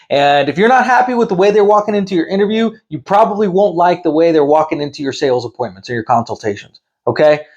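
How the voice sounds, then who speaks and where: A man's voice: high voice, a little mellow, dull audio. Firm, chatty sales manager man. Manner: conversational, tags lines with "right?" and "okay?"; direct, firm. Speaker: sales manager who hires reps. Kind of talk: advice talk to camera.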